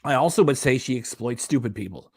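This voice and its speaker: In a clean, dry studio recording, a reaction channel host rants indignantly, pressing each point hard. His mid-range voice has lively intonation and moves a little fast in this casual commentary.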